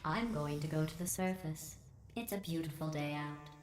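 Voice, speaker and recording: A woman voicing a cold, sardonic female computer AI in a game, with a deadpan, mock-pleasant delivery through a synthetic filter. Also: mid-range voice, moderate pace, crowd noise. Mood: mock-friendly. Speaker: game character.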